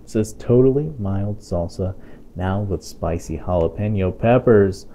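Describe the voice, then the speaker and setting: A man reading a picture book aloud to a child, playful and expressive, with chatty asides to his young listener. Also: low voice, measured pace. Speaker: storytime reader.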